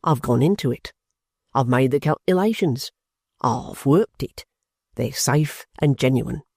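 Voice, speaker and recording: Guy doing a puffy jumpy old clerk voice, pops up high and loud in bursts, dark dry sound. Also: lively intonation, vocal fry, breathy edge, no echo, heavily acted. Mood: emphatic. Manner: quick, high, snorting bursts. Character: excitable puffing older male clerk. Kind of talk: audiobook character voice.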